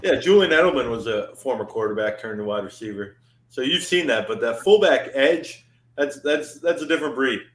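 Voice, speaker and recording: A man muses about football players on a live stream panel and thinks aloud. His voice is mid-pitched. The room around him is echoey. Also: animated, brisk. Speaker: guest panelist. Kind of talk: casual football chat.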